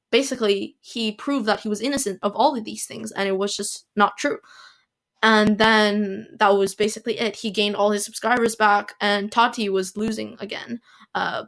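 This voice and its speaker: A woman's voice: medium pitch, gravelly, fairly bright tone. A woman hosting a casual solo podcast, rambling with lots of fillers and restarts and dropping sarcastic asides. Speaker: podcast host.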